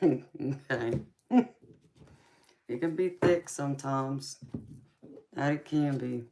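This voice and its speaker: There's slight background noise as a woman with a rumbling low, slightly mellow voice speaks slowly in a thick Southern accent. She reads tarot on a live stream, casually chatting with viewers, calling them baby and darling, and often laughing between remarks.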